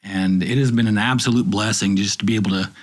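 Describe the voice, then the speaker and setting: A man's voice: lowish voice, fairly even intonation, fast. A man, a journalist, chatting in a rambling, enthusiastic storytelling way. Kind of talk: casual chat.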